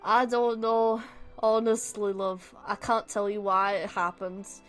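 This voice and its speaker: A woman's voice: mid-range voice, flat delivery, takes it slowly, faint music behind. A young woman streamer chatting casually, telling a rambling story and laughing often. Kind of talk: casual chat while drawing on stream.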